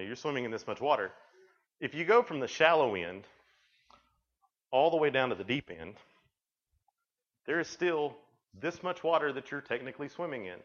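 A man's voice: mid-range voice, a bit bright. Man preaching in a rambling way. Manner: rambling storytelling, frequent restarts. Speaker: youth camp speaker. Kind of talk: sermon. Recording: dull lo-fi recording.

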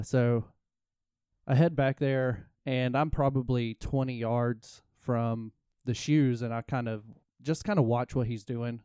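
Male co-host, casual rambling storyteller, warm smooth voice, dry close sound. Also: mid-range voice, dry recording. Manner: rambling, self-interrupting storyteller. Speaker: podcast co-host.

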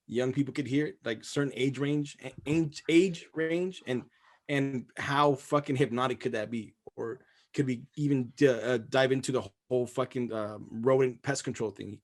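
Laid-back man swearing through a podcast story. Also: medium pitch. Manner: laid-back, swears freely, trails off in stories. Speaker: podcast host. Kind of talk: casual podcast chat.

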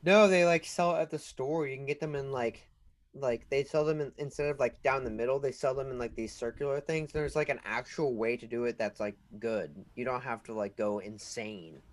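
Young man, podcast co-host, casual chat, rambling, filler-heavy, mid-pitched voice. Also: normal speed.

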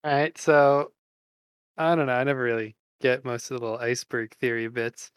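A man co-hosting a casual book discussion podcast, excitable and amused, swearing casually. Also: mid-range voice, brisk, clear, resonant tone, dry recording, clean studio sound. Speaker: podcast co-host.

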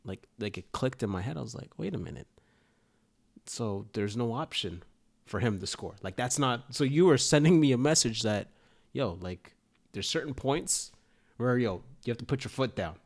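A young man in casual conversation, telling a story with animated delivery, laughing often and acting out the lines he quotes. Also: mid-range voice, moderate pace. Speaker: former player, interviewer.

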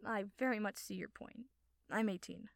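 A man's voice: high voice, normal speed, vocal fry, no echo, studio quality. A woman voicing a guarded, mumbling teen boy. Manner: quiet, reluctant, mumbling. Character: eighteen-year-old guarded, brooding demigod boy.

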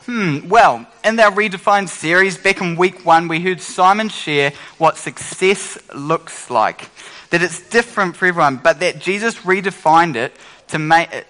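A man leading a lively children's talk at church, playful and quick to praise the kids. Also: sits high, rough recording. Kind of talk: lively kids' talk with audience games.

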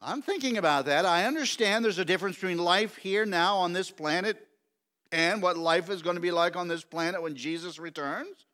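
A middle-aged man preaching a sermon, emphatic and repetitive, stretching key words slowly. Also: sits high, sharp tone. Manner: emphatic, repetitive preaching with slow drawn-out stresses. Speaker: pastor.

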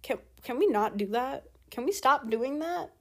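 A woman's voice: high-pitched, lively intonation, moderate pace, fairly bright tone. A teenage girl talking alone in a casual monologue, ranting and exasperated, firing off rhetorical questions and swearing. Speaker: podcast host.

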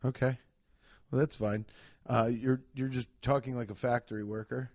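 A man co-hosting a casual comedy chat, riffing and swearing, with sudden loud bursts. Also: medium pitch, steady tone, moderate pace, dry recording. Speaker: podcast co-host.

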